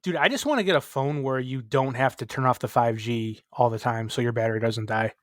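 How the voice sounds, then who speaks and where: American man, casual co-host; quick rambling delivery with swearing. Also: mid-range voice. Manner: rambling, profane. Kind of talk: casual chat.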